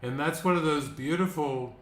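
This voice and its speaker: A man's voice: fairly high pitch, moderate pace. A man hosting a live spiritual talk, speaking earnestly and unhurriedly and often repeating words. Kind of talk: casual spiritual conversation. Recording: echoey room.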